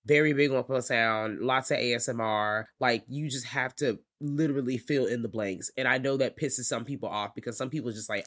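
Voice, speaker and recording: Man podcast co-host, mid pitch; relaxed, slangy, profane film chat. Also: a little fast, few pauses. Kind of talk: casual film review chat.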